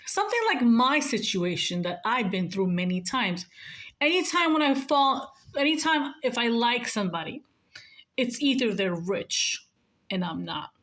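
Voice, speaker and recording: A woman in her forties talks in an earnest, emotional monologue, pressing her advice home by saying it again and again. Her voice sits a little high for a woman. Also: expressive, unhurried, fairly bright tone. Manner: earnest, repeats points for emphasis. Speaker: nurse sharing life advice. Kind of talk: heartfelt monologue.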